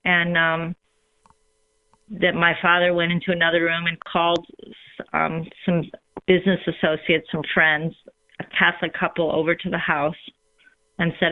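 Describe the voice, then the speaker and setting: Woman recounting her conversion, flat, gravelly delivery; tinny phone line, dry. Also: fairly low pitch, no room sound. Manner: reflective, unhurried, with frequent ums. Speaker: guest sharing her faith story. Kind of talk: personal testimony in conversation.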